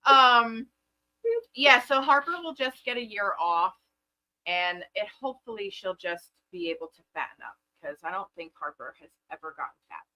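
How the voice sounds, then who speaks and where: A woman's voice: medium pitch, moderate pace, bright, forceful tone, a little hiss or hum, low-quality recording. A woman co-hosting a live farm stream, chatting casually and joking with her partner.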